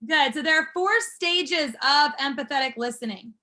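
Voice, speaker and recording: A woman's voice: high-pitched, moderate pace, pushed and bright. A woman instructor teaching a class, explaining step by step in an upbeat, encouraging manner. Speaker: martial arts school instructor.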